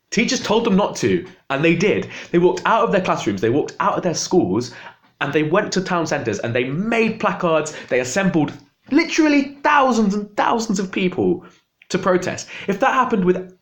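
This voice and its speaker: A young man venting in an impassioned political rant to camera, exasperated and agitated. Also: high voice. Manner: agitated, exasperated, voice jumping up when upset. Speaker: vlogger.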